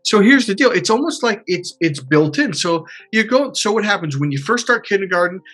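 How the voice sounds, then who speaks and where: A man coaching a client in an animated way, acting out quotes and swearing casually. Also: high voice, brisk, soft background music. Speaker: life coach. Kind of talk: coaching session.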